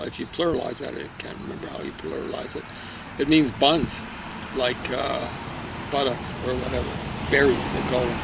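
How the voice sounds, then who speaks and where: A man with a gravelly, creaky voice talks through a book review in a loose, rambling way, often tripping over names. He is recorded outdoors in a garden, with clear background noise and passing vehicles. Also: mid-range voice, low-quality recording. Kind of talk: casual spoken book review.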